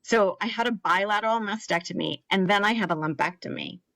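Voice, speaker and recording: A woman's voice: mid-range voice, a little fast, vocal fry, fairly bright tone, no echo, low-quality recording. A woman in her thirties, a guest on an interview podcast, earnestly telling her own story and acting out what others said. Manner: earnest, emotional, acts out quoted voices. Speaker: podcast guest, cancer survivor.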